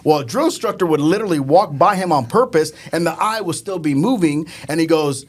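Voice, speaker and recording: A man telling casual stories as a podcast guest, animated and often laughing as he talks. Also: a little high, quick pace, hardly any pauses. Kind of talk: casual storytelling.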